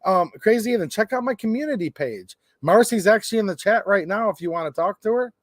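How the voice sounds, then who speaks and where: With a high-pitched voice, lively intonation and a quick pace, a gun rights channel host rambles and jokes on his livestream, reading viewer comments aloud. The audio is studio quality with no room sound.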